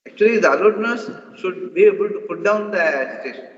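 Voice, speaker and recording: A man's voice: high-pitched, animated, fast talker. A man teaching a scripture class over a video call, earnestly explaining and repeating phrases for emphasis. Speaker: spiritual teacher. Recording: echoey distant online call, dull lo-fi sound, faint hiss.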